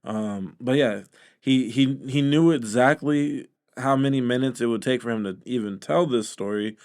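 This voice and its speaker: A man giving sarcastic, incredulous reaction commentary on podcast clips, with frequent filler pauses. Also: mid-range voice, darkish tone, clean tone.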